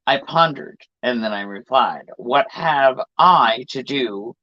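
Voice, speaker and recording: Male host reading a book aloud, deliberate, in a dry and dead-sounding recording. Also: mid-range voice, expressive, sharp tone, no room sound, lo-fi sound. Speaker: podcast host.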